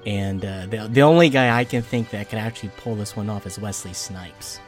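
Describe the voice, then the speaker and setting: A man's voice: lowish voice, brisk, faint music behind. A man co-hosting a casual podcast chat, rambling with lots of fillers and frequent laughs.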